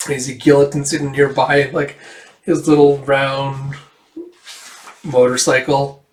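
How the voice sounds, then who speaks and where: A man's voice: mid-range voice, level tone, unhurried. A man casually reading through a comic and reacting, with fillers and swearing. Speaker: comic reader and reviewer. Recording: roomy, distant mic.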